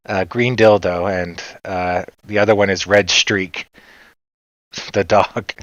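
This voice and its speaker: A man's voice: low voice, fairly even intonation, slow pace, fairly bright tone, no room sound. A man with a Canadian accent hosting a casual livestream, rambling and joking as he chats. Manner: rambling, joking, laughs often. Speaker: livestream host. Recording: dull lo-fi sound.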